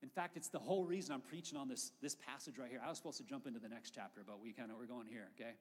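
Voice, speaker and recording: A man's voice: mid-range voice, racing, husky. Man preaching in a reverberant hall. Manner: conversational, animated preaching with asides to the congregation. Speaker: pastor. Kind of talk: sermon.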